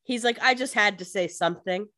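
A woman co-hosting a casual podcast, throwing in quick jokes and asides. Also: mid-range voice, sharp tone, no room sound, clean studio sound. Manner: joking asides, quick quips. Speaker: podcast co-host. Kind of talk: casual chat.

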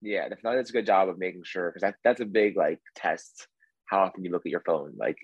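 A man's voice: sits low, fast talker, slightly rough, dry recording, highs cut off. A man from the United States, a guest on a podcast, chatting in an easygoing, rambling way. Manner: easygoing, rambling, filler-heavy. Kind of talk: casual podcast chat.

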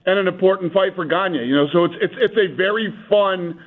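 A man calling in as a guest on a radio show, talking up fights with brisk enthusiasm and reeling off stats. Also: sits high. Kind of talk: phone-in radio interview. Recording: tinny phone line.

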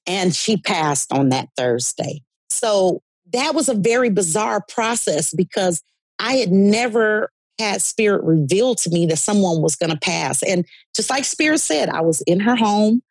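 A woman's voice: medium pitch, animated, moderate pace, no echo. A woman guest earnestly telling stories and explaining her spiritual beliefs with conviction in a podcast conversation. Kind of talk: storytelling conversation.

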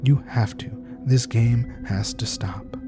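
A man's voice: medium pitch, fairly even intonation, slow pace, over music, natural voice. A man voicing a frightened mother, pleading and distraught. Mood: desperate.

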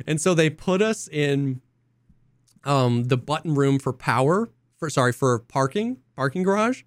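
A young man co-hosting a casual podcast, an excitable storyteller who acts out quotes in high voices. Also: normal speed, no room sound, studio quality. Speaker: podcast co-host. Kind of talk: casual chat.

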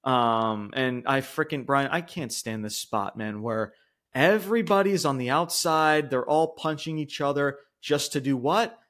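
A man hosting a casual wrestling podcast, talking in long rambling runs full of swearing. He laughs as he goes, and his pitch shoots up when he gets worked up. The delivery is loose and chatty. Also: a little slow, fairly bright tone. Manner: rambling, profane, laughs often, mimics voices high-pitched. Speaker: podcast co-host.

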